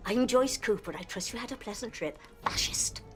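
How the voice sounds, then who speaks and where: A prim old hotel clerk with a hidden murderous streak, played by an older actress in a film scene. She answers in clipped, politely sly remarks with a fairly high voice. Faint music plays underneath. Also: normal speed, lightly acted. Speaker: film character.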